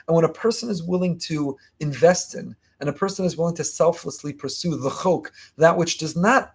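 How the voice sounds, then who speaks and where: A man giving a fast, emphatic Torah lesson as a rabbi, repeating key phrases. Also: fairly high pitch, vocal fry, breathy edge. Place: online class.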